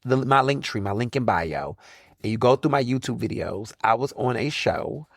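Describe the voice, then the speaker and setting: A man's voice: medium pitch, dry recording. Guy doing a solo podcast, chatty and slangy, voice jumps all over, super dry close mic. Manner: animated, chatty, slangy, quick asides. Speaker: podcast host. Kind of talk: casual solo podcast monologue.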